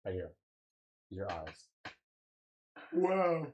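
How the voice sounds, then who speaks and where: A young man chatting casually on a live stream, slangy and swearing, venting about lag and reacting with drawn-out "wow"s. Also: medium pitch, highs cut off, slight background noise. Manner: loose, slangy, swears often, exclaims "wow" a lot; frustrated, ranting about lag.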